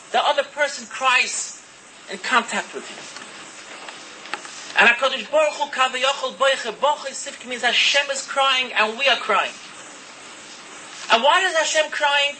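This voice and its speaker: High-voiced impassioned male preacher. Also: moderate pace, sharp tone, slight background noise, poor audio. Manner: earnest, impassioned, mixes Hebrew terms into English. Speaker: religious speaker. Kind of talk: sermon.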